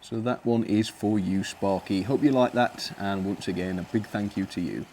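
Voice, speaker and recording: Young man, live-stream host, friendly chatty delivery, slightly low pitch, light background hiss. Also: moderate pace, warm tone. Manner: chatty, cheerful, frequent fillers and small laughs. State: a bit out of breath. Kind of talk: live stream chat, thanking viewers.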